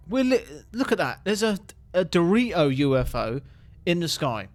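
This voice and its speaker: A man hosting a reaction video, talking excitedly with rhetorical questions and stumbling restarts. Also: high voice, moderate pace. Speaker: host reacting to viral clips.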